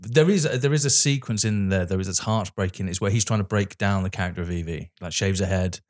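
A man's voice: low voice, fast, a little mellow. A man in his thirties with an English accent, co-hosting a podcast and ranting animatedly about a film in casual chat, laughing often. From England. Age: 30s. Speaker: podcast co-host.

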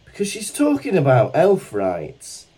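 A man's voice: on the high side, wildly swooping pitch, a little slow, mellow, breathy edge. A man co-hosting a podcast in casual chat, playful and teasing, laughing often. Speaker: podcast co-host.

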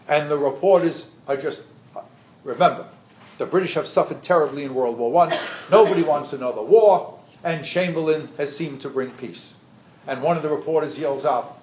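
A man's voice: on the high side, moderate pace, roomy sound, dull audio. Older man lecturing animatedly on history. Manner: animated storytelling lecturer, acts out quoted voices. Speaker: history professor. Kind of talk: lecture to teachers.

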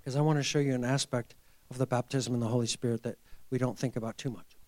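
A middle-aged male pastor preaching a sermon, telling a story and then building to fervent exhortation, moving from hushed tones to loud emphasis. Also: mid-range voice, steady tone, fast.

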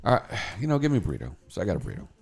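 A man co-hosting a morning radio show, telling a story in a casual, animated way and acting out the people he quotes. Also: fairly low pitch, rapid-fire, vocal fry, slightly rough.

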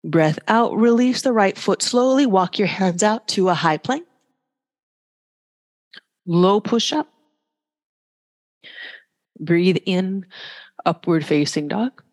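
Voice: medium pitch, lively intonation, a little slow, long pauses, long reverb tail. A yoga teacher cues poses and breathing during a live class, with casual, joking asides between the cues.

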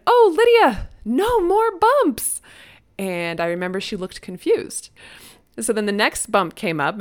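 A middle-aged woman telling a personal story about her childhood and her own children. She talks casually and jumps into high, loud voices when she quotes herself and her daughters. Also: clean tone. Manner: animated, acts out voices with sudden high-pitched quotes.

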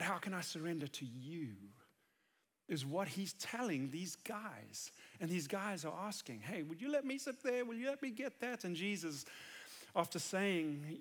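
A man preaching a sermon, earnest and conversational, building to emphatic peaks. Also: fairly high pitch. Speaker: pastor.

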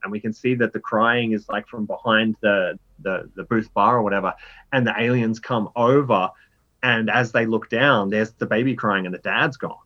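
A man in his thirties, a writer being interviewed, talking in a rambling, animated way full of fillers. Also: moderate pace, muffled recording. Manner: animated storyteller, jumps pitch for inner voices. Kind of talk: casual conversational interview.

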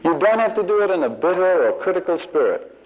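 A man's voice: high-pitched, big pitch swings, quick pace. A male preacher giving a sermon to a congregation in a church building, emphatic and repeating his key phrases, on a muffled 1970s recording.

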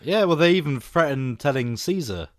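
A man talking films in a relaxed podcast chat. His pitch swings freely as he laughs and leaves sentences hanging, and the recording is dry and close. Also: normal speed, dry recording. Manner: chatty, laughs often, trails off mid-sentence. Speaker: podcast co-host. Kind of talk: casual film discussion.

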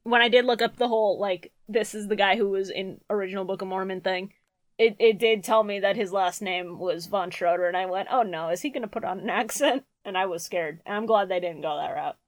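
A woman's voice: medium pitch, fairly even intonation, brisk, no room sound. Laughing, swearing young woman podcaster. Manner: laughs often, swears freely. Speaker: podcast co-host. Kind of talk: casual chat.

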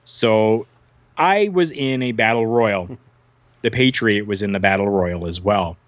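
A Canadian man, a former wrestler, speaks in a lowish voice at a measured pace, with no echo but a dull lo-fi sound. Guesting in a casual chat, he tells a rambling story packed with fillers and restarts.

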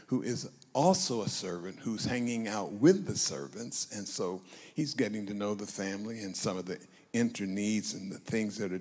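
A man in his eighties with a low, husky voice preaches a sermon, vividly retelling a scripture story. He acts out the quotes and calls on the congregation to respond, and the long reverb of a large hall surrounds him.

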